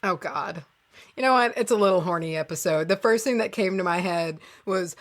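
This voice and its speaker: A woman's voice: on the low side, moderate pace. A woman co-hosting a casual podcast, reading a text aloud and breaking in with exasperated, sarcastic asides. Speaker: podcast co-host.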